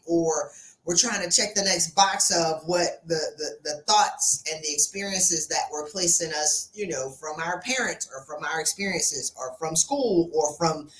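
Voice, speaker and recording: A woman hosting a podcast, speaking emphatically and telling stories in a lively, casual way. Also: on the low side. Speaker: podcast host. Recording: roomy echo.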